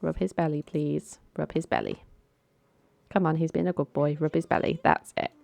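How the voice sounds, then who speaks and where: A young woman with a low, dry-sounding voice chats her way through a life-simulation game. She coaxes her characters along and giggles often, recorded close and without room echo. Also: normal speed, gravelly, a little mellow. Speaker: gaming channel host. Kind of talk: casual game commentary.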